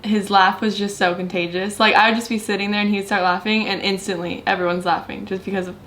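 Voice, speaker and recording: A woman's voice: medium pitch, level tone, fast talker, fairly bright tone, roomy sound, slight background noise. A young woman fondly recalling a friend in a documentary interview.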